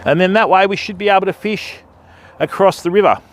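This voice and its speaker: High-voiced Australian fishing bloke. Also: male voice, fairly quick. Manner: joking, matey banter. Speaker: fishing vlogger. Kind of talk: live-streamed fishing chat. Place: outdoors by a tidal river.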